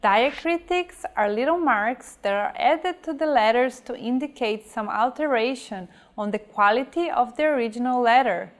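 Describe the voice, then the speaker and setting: A woman teaching a scripted pronunciation lesson, reading example words slowly and carefully. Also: fairly high pitch, animated. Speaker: language teacher.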